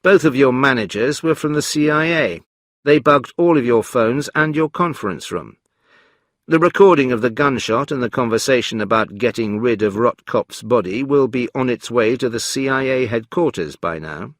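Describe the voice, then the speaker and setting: A man voicing a calm, firm secret agent in a storybook reading, coolly formal. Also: medium pitch, normal speed, no room sound, clean studio sound, close to an everyday voice. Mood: confident. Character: cool, composed male secret agent.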